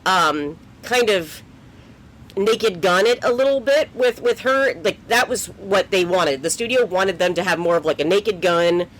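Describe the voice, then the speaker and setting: A co-host of a movie review podcast, giving opinions in casual, expressive chat that exclaims and jokes. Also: mid-range voice, a little slow.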